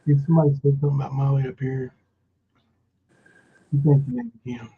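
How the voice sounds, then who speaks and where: A man's voice: mid-range voice, steady tone, a little fast, husky. Man, livestream host, loose rambling delivery full of fillers, slightly muffled lo-fi sound. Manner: rambling, many fillers, reads viewer comments aloud. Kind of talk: casual livestream chat.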